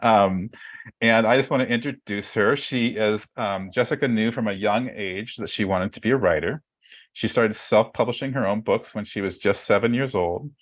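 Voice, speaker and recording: A writing webcast host speaks in a lowish voice at normal speed, giving a casual introduction over a video call. He talks in a chatty, rambling manner with many fillers and restarts.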